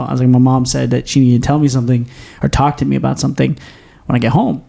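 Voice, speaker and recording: A man's voice: medium pitch, level tone, rapid-fire, gravelly, mellow, husky. A young man hosting a podcast, telling a long story in a rambling, profane, casual way with frequent laughs. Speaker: podcast host. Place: small home studio.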